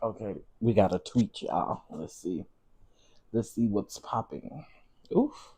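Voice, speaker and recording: A man's voice: fairly low pitch, animated, takes it slowly, mellow, husky. A man hosting a livestream, giving sassy, teasing live commentary with laughing asides. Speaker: livestream host.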